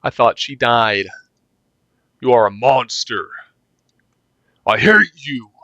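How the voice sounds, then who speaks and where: A man's voice: medium pitch, steady tone, slow pace, fairly bright tone, dry recording, highs cut off. A man voicing a furious young woman held captive in a game, speaking angrily and defiantly. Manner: angry, defiant.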